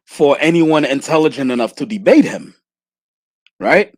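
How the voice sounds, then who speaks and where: Male streamer in his thirties, talking off the cuff, husky and animated, dry sound. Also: fairly high pitch, normal speed, no echo. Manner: rambling, repeats himself, asks listeners for feedback. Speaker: livestream host. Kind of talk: casual livestream monologue.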